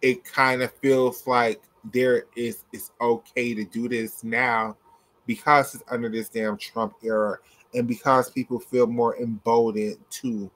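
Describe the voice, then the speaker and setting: A young man delivering an impassioned commentary rant. He swears freely and repeats himself for emphasis, his voice sitting at an ordinary middle pitch. Blunt, fired-up and direct. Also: fairly bright tone. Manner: heated, blunt, profane and repetitive. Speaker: gymnastics commentator. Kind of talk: ranting commentary vlog.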